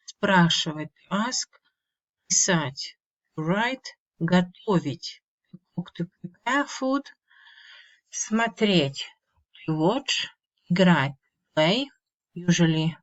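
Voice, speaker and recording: A woman teaching a slow, step-by-step grammar lesson, repeating each word and giving its meaning. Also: on the low side. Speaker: language teacher. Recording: dull lo-fi mic.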